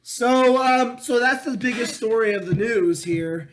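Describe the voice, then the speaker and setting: A man's voice: very high-pitched, unhurried, fairly bright tone. A young man, a podcast co-host, ranting in casual, profane sports chat, mocking and chanting names in a sing-song.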